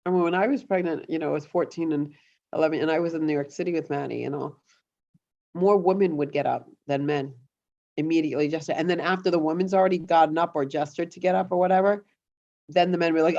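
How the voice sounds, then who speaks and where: A woman co-hosting a casual chat, telling rambling everyday stories full of animated asides. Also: low-pitched, quick pace, lo-fi sound. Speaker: co-host.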